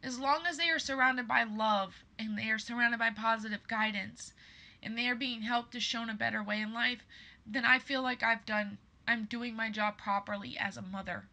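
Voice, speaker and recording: In a slightly high, bright, forceful voice with fairly even intonation and normal speed, a woman in her thirties hosts a podcast. She speaks earnestly and emphatically in a personal monologue, calling her listeners "you guys."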